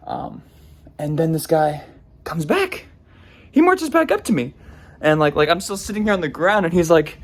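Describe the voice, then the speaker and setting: A man's voice: fairly high pitch, lively intonation, fairly quick. A man telling a story casually, rambling with frequent restarts and self-deprecating humor. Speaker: vlogger.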